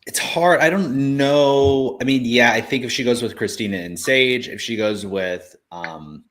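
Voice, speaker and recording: A man co-hosting a casual show, thinking aloud in animated bursts with many restarts. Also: medium pitch, measured pace. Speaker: co-host. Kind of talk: casual podcast chat.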